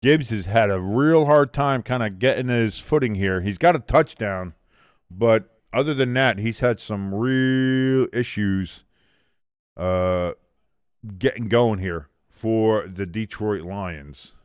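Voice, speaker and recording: A man hosting a live watch-along stream, calling the game play by play and reading out chat comments, with bursts of excitement on big plays. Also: on the low side, slow, smooth, no echo. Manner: swears casually.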